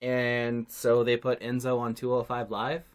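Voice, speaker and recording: A man's voice: medium pitch, completely flat delivery, measured pace. A man co-hosting a casual gaming podcast, joking and rambling, swearing now and then. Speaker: podcast co-host.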